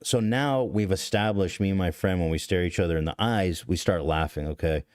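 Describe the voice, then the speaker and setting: Low-voiced man rambling on a podcast. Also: fairly quick, a little mellow, dry recording, clean studio sound. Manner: rambling, profane, self-deprecating, many restarts. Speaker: podcast host. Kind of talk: casual confessional podcast talk. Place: podcast studio.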